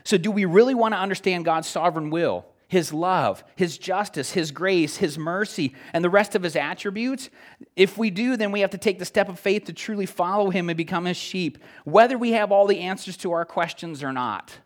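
A male pastor preaching a sermon, retelling scripture with lively swings from loud excitement to hushed, near-whispered appeals. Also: high-pitched, moderate pace.

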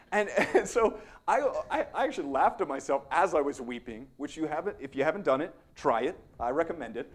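Young male pastor, slightly higher voice, casual sermon delivery with "right?" tag questions. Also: expressive, brisk, few pauses. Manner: conversational, self-deprecating, frequent "right?" asides.

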